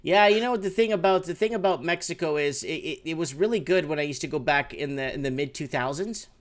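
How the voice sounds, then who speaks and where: A man's voice: on the high side, fast talker. A man hosting a casual talk show, telling long rambling anecdotes full of fillers and restarts. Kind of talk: casual chat.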